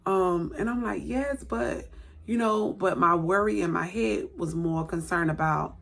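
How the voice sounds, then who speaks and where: Lady vlogging at home, kinda husky low voice, acts out what ppl said, repeats stuff a lot. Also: unhurried, a bit bright. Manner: repeats words for emphasis, acts out quotes. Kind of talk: emotional personal storytelling. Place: indoors at home, by a light.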